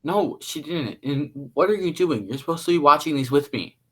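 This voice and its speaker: A man playing a bright, anxious casting director. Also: a little high, animated, moderate pace. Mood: annoyed. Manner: polite, then pleading and exasperated. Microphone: video call.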